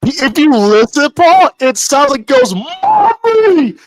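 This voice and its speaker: A host giving live movie commentary in relaxed, enthusiastic fan chat. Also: high-pitched, moderate pace.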